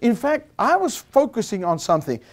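A South African man delivers a storytelling sermon to an audience at a Bible college, speaking briskly. He is animated throughout and builds to shouts at the climactic moments.

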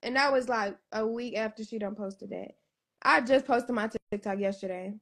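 A woman's voice: a little high, moderate pace, a bit bright. A woman on a live stream, blunt and defensive in a heated casual chat.

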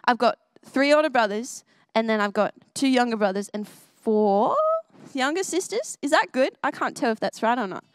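A woman's voice: fairly high pitch, expressive, normal speed, no echo. A young woman leading a children's church message, bubbly and full of questions for the kids. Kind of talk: kids' sermon. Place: church service.

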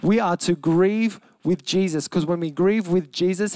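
A man's voice: high voice, dry recording. Earnest Australian man preaching, dry sound. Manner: earnest, emphatic preaching with slowed, softened key words. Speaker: pastor. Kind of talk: sermon.

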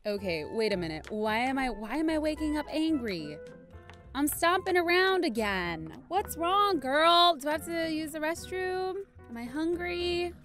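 High-voiced playful woman gamer. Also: big pitch swings, a little slow, fairly bright tone, faint music behind. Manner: playful and chatty, scolding the in-game pets. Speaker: gaming channel host. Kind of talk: casual let's-play commentary.

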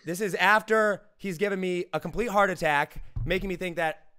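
A young man hosting a podcast interview, telling stories in an excitable, animated way. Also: sits high, clear, resonant tone, soft background music. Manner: excitable, storytelling, quick and animated. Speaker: podcast host. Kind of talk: casual interview chat.

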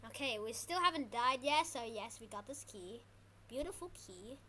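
A woman giving live gameplay commentary, excitable and panicky, shouting during fights and repeating words quickly when flustered. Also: fairly high pitch. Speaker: gaming channel host.

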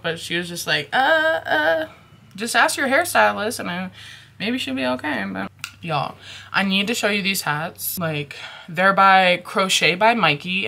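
A young woman vlogging in a casual, excitable chat, often calling her viewers y'all and swearing freely. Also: fairly low pitch.

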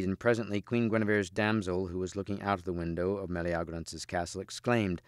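A man, a teacher, reading a storybook aloud in steady, measured audiobook narration. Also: low-pitched, dry recording, studio quality.

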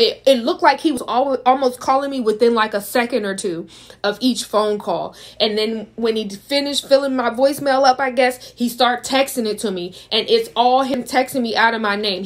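A young adult woman from the United States, telling a dramatic storytime in a chatty way and talking straight to her viewers. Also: on the high side. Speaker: vlogger. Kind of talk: casual storytime.

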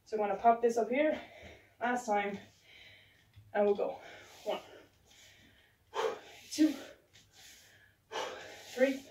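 A woman's voice: a little high, slow pace, long pauses, a little mellow, a little hiss or hum. Breathless woman coaching a home workout. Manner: encouraging, counts reps aloud while exercising. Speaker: fitness instructor. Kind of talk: home workout instruction, counting reps. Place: room at home. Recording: roomy sound from a distant camera.

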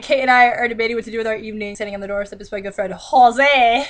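A woman's voice: fairly high pitch, steady tone, fast, hardly any pauses. A woman vlogger reading a novel aloud and breaking off into exasperated, sarcastic commentary. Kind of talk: read-aloud with mocking commentary.

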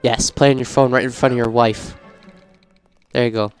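A man playing a life-sim game, reading prompts aloud and reacting in casual let's-play commentary, getting frantic and shouty when things go wrong. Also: mid-range voice, fairly even intonation, normal speed, smooth, soft background music. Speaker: gaming YouTuber.

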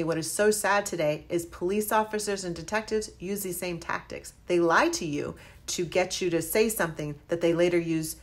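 A woman realtor telling viewers about a scam call in a casual, earnest vlog, animated as she warns them. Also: on the low side.

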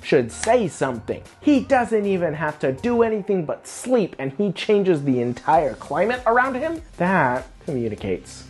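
A woman with a low, dark-toned voice hosts a tabletop game advice talk. Her delivery swings lively and emphatic as she speaks directly to her viewers, with soft music just under her. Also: measured pace, hardly any pauses. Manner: conversational, emphatic, talking straight to viewers. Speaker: host.

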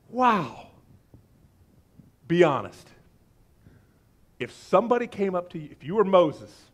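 A male pastor preaching a sermon, joking with the congregation and reading scripture aloud with acted voices. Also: sits high.

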